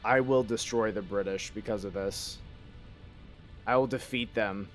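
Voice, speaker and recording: A man's voice: fairly low pitch, fairly even intonation, unhurried, faint music behind. A man streaming a game live, rambling and joking in casual chat and swearing freely.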